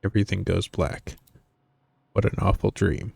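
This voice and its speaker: A man's voice: sits low, level tone, normal speed, creaky, darkish tone, a little hiss or hum. A man streaming a game, reading its lines aloud in a dry, wry way. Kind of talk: reading a visual novel aloud. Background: faint game music.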